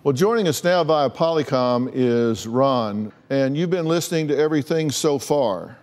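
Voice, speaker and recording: A man's voice: mid-range voice, animated, moderate pace, darkish tone. A man with an American accent hosting a talk show, asking blunt, direct questions in a studio interview.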